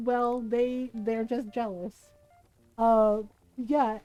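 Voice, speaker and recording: A woman's voice: a little high, warm tone, poor audio. A middle-aged woman streaming, telling stories in casual chat and laughing often as she talks. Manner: chatty storyteller, laughs often.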